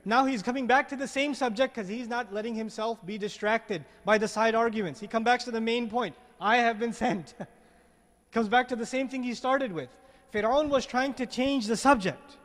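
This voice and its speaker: A man with a very high voice tells a sermon as a lively story. He keeps asking the audience rhetorical questions. His voice rings with a long reverb, as if in a large hall. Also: moderate pace. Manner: animated, many rhetorical questions. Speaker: preacher.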